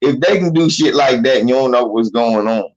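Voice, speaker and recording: A man giving casual, profane commentary on a video, animated and laughing, often mimicking the people in it. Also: medium pitch, fairly quick, dull audio.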